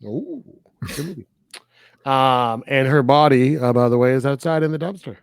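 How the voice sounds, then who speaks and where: A man co-hosting a film review podcast in casual chat, animated and laughing often as he retells scenes. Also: medium pitch, normal speed, creaky, smooth, no echo, studio quality. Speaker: podcast co-host reviewing films.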